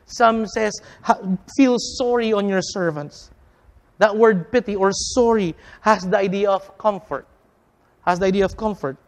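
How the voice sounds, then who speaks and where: A preacher in full sermon mode, talking straight to the congregation as friends. The delivery builds through repeated phrases and stressed words, then pulls back into quiet, slowed-down lines. Its earnest, rhythmic pulpit cadence carries from point to point. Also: medium pitch, long reverb tail. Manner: addresses the listeners as friends.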